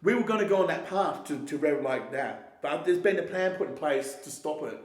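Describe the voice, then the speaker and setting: A man's voice: fairly high pitch, lively intonation, brisk. A man talking casually and at length, rambling, swearing often and restarting his sentences. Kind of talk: casual conversation. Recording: echoey roomy sound.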